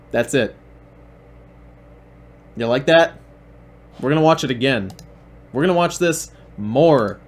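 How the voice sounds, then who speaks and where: A man hosting a stream, mocking the videos he plays in a sarcastic, repetitive way. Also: medium pitch. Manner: sarcastic, deadpan, repeats himself. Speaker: stream host and commentator.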